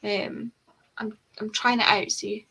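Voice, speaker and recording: A woman's voice: mid-range voice, steady tone, slow, gravelly, bright, forceful tone, husky, poor audio. A young adult woman hosting a livestream in casual chat, rambling with frequent ums and the odd swear word. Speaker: livestream host of reading sprints.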